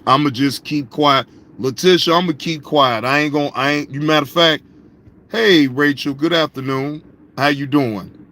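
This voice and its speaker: A man's voice: a little high, normal speed, sharp tone. A man hosting a casual live-stream reaction show, speaking, profane and repetitive, addressing viewers in the chat by name.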